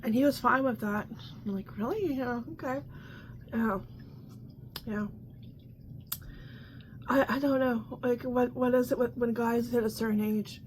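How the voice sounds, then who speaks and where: Chatty woman with a higher voice. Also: steady tone, unhurried, pauses often, a little hiss or hum. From Canada. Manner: chatty, exasperated, laughs often, rambling restarts. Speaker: vlog host. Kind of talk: casual chat.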